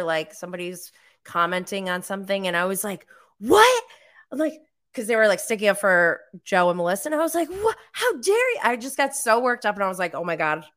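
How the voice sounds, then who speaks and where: A woman hosting a casual live recap stream, chatting with lots of fillers and jumping up in pitch when she quotes herself. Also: clear, resonant tone. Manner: animated, jumps high when quoting herself. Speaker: live show host recapping reality TV.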